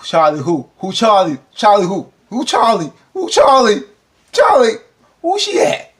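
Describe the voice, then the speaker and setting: A man's voice: sits high, normal speed, voice pushed up. A man putting on a squealing smitten young woman. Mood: giddy. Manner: rising excited repetition.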